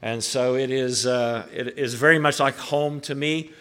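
A man's voice: mid-range voice, steady tone, a little slow, a bit bright, smooth. Chatty male pastor in an echoey hall. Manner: chatty, with filler words and chuckles. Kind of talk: sermon. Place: church.

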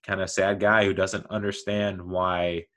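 A man's voice: sits low, little pitch movement, measured pace, a bit bright. A man talking casually as a video host, rambling and correcting himself, with frequent chuckles. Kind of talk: casual commentary.

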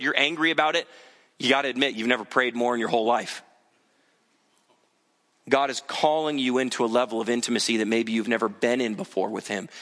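Bright-voiced male pastor preaching in a hall. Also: a little high. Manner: earnest, urgent preaching that acts out quoted voices. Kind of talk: sermon.

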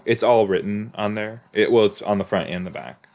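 A man's voice: lowish voice, steady tone, a little fast, few pauses, a little mellow. A man hosting a podcast, reacting aloud with gushing exclamations and laughs while watching a TV episode. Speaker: podcast host.

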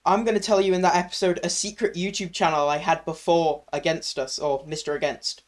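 A man's voice: on the high side, level tone, fairly quick. A young man co-hosting a casual podcast, cheeky and giggly with crude quips. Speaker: podcast co-host.

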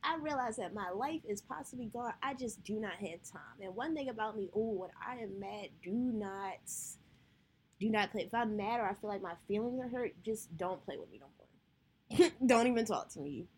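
A woman's voice: mid-range voice, moderate pace, darkish tone, a little hiss or hum. A woman podcast host telling a personal story in a candid, profane, emotional way.

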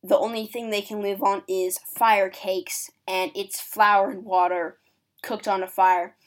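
A woman's voice: medium pitch, level tone, measured pace. Chatty woman explaining history. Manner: chatty, acts out quotes, uses "like". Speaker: history presenter.

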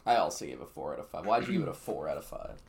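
Talking very fast in an extremely low voice, a man co-hosts a podcast where he rates cards. His chat is loose and excited, wandering around with plenty of fillers.

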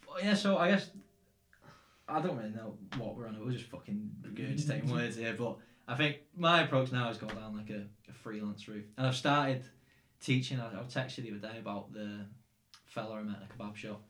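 A man's voice: mid-range voice, fairly quick, fairly bright tone, a little hiss or hum. Rambling Northern English man, echoey room. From England. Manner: rambling, swears, laughs often. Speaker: podcast host. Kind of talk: casual chat.

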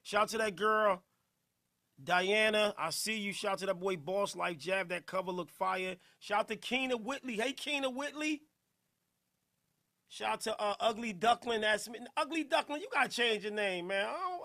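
Bright-voiced, loud, playful podcast host. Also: male voice, high voice. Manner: loud, animated, playful, slangy. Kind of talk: casual livestream chat with shout-outs.

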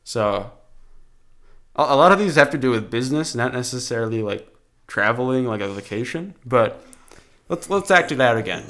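Animated joking young man. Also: normal speed, pauses often. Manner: jokey, puts on silly high voices for bits. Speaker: podcast co-host. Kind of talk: casual comedic chat.

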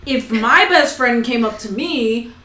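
A young woman co-hosting a casual chat, animated and swearing freely, acting out quotes. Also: a little high, measured pace. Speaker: podcast co-host. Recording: echoey room.

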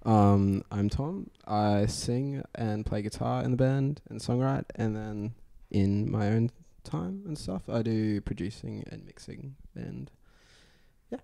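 Laid-back young Australian man, gravelly. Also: lowish voice, slow, warm tone. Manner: laid-back, hesitant, filler-heavy. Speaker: band singer and guitarist. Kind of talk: casual interview chat.

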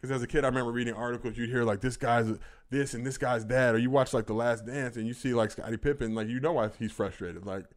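A man's voice: medium pitch, steady tone, fast. A young man talking as a podcast guest in casual chat, blunt and profane with lots of fillers.

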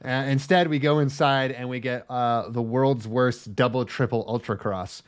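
A man's voice: mid-range voice, steady tone, normal speed. A man co-hosting a casual anime review podcast, joking around and acting out scenes from the show in goofy voices. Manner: jokey, acts out characters in silly voices. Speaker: podcast co-host.

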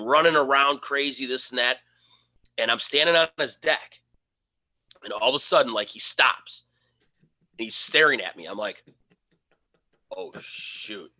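A man's voice: mid-range voice, normal speed, long pauses. A man co-hosting a podcast, telling a casual story and acting out the quoted lines with animation. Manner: animated, acts out his own quoted lines. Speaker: podcast co-host.

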